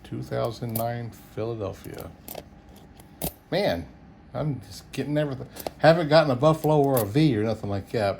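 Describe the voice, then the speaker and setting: A man's voice: mid-range voice, noisy background. A middle-aged man, chatting casually and chuckling as he sorts coins on camera. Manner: chuckling, easygoing, folksy, thinks aloud. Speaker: coin roll hunter. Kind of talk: casual solo video commentary.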